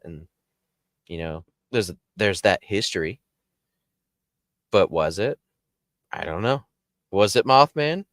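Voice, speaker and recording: Low-voiced man telling a story. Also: clean tone, dry recording, studio quality. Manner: animated, jumps high when acting out quotes. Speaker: paranormal storyteller host. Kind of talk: casual storytelling monologue.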